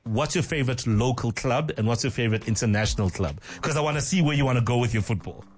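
A man's voice: medium pitch, animated, quick pace, soft background music. A young adult man hosting a casual interview, upbeat and encouraging, laughing often. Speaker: radio host.

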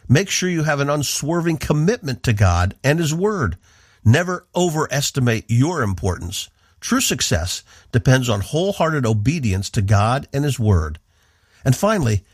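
A man's voice: medium pitch, no echo. Earnest man teaching scripture, dry studio sound. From northeastern United States. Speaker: radio Bible teacher and host.

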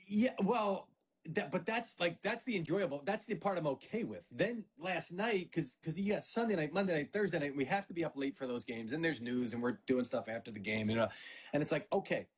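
A man's voice: fairly high pitch, fairly quick. A middle-aged man, a sports media guest, chatting casually and acting out family quotes as he tells stories. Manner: animated storyteller, acts out family quotes. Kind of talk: casual podcast chat.

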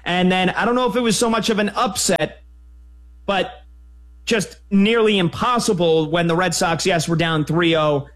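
Man, sports radio host, slightly high voice, energetic, conversational, quick asides.

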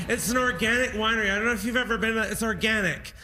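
A man performing stand-up comedy with a loud, shouted delivery. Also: sits high, fast. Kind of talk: stand-up set. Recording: live show with crowd noise.

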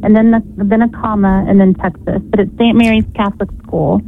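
A woman's voice: mid-range voice, steady tone, fairly quick, creaky, slight background noise. A woman calling in to a radio show, explaining things in a friendly way. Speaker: caller, school technology director. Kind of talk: phone call to a radio show. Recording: tinny phone line.

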